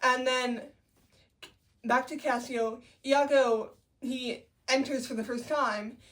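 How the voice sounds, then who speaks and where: A woman's voice: high-pitched, fairly even intonation, takes it slowly, fairly bright tone, far from the mic. Chatty woman with wry asides. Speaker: co-host summarizing a play. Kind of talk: casual study recap.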